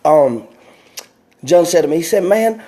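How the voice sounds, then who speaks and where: A man's voice: fairly high pitch, expressive, a little slow, mellow. A man giving earnest life advice in a casual talk, often repeating himself and restarting sentences. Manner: greets viewers by name mid-talk.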